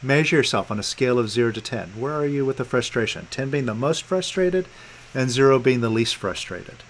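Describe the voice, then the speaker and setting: A man guiding a client through letting go of feelings in a calm, coaxing way, repeating gentle prompts over a video call. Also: mid-range voice, a little fast, slight background noise, low-quality recording. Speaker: meditation coach. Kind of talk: guided release coaching session.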